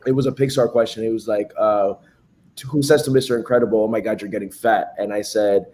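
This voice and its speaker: Male podcast guest, low-pitched, casual storyteller who mimics others, quiet home recording. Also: steady tone, fast. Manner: storytelling, acts out quoted dialogue. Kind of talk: casual chat.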